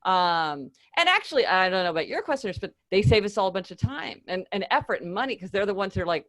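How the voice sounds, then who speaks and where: A woman's voice: mid-range voice, fast, hardly any pauses, poor audio. A woman author speaking as an interview guest, explaining her ideas and acting out quoted exchanges. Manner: animated, acts out quoted dialogue. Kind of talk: conversational interview.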